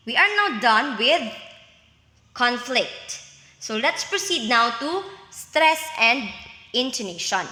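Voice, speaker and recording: Slow, bright-voiced woman teacher in an echoey room. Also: fairly high pitch. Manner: slow, step-by-step explaining, frequent "so" and "okay?". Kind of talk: recorded classroom lesson. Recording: echoey room with long reverb.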